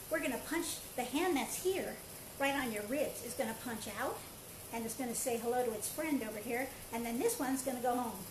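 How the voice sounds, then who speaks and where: Brief: high-pitched, upbeat woman leading an online movement class, echoey room, faint background noise. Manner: upbeat, playful, coaching with counts and shouts. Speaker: karate and movement instructor. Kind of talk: live online exercise class.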